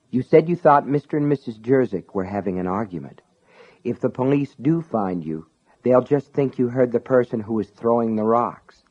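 A man voicing a sinister shopkeeper who speaks softly and quietly. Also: mid-range voice, husky, highs cut off. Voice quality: soft, quiet. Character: sinister soft-spoken older male shopkeeper.

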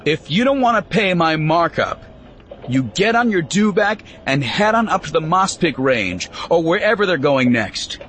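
A man's voice: medium pitch, sing-song, measured pace, a little hiss or hum. A man voicing a tough, stern woman who runs a frontier store, speaking in a raised, commanding voice.

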